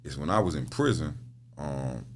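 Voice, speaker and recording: A man's voice: rumbling low, animated, moderate pace, a little hiss or hum. A middle-aged man talking as a podcast guest in casual conversation, telling stories with repeated words and frequent laughter. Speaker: podcast guest, prison minister. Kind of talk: casual interview talk.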